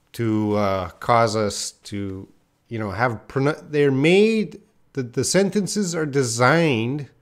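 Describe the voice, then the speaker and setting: Slow, chatty male English teacher. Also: mid-range voice. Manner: casual, self-deprecating, addresses viewers by chat names. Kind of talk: live online English lesson.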